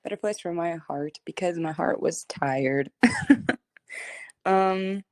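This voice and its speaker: A woman's voice: on the low side, takes it slowly, dry recording. A young woman singer chatting casually on a livestream, rambling and giggling, full of "like" fillers. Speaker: singer hosting a streaming listening party.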